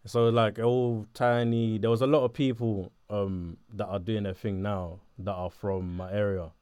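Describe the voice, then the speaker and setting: Man, young, South London accent, laid-back, chatty, low-pitched, dry recording. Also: little pitch movement, a little slow, darkish tone, clear, resonant tone, no room sound. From Botswana, raised in southeast London. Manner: laid-back, chatty, laughs often, repeats words. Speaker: interviewee. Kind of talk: casual interview chat.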